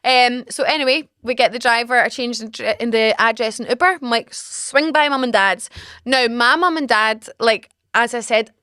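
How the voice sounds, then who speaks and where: A woman's voice: a little high, moderate pace, few pauses, clear, resonant tone, no echo, studio quality. A woman in her twenties hosting a podcast, telling a story casually and with animation, laughing often and acting out what people said. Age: 20s. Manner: animated, laughing, acts out quotes. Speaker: podcast host.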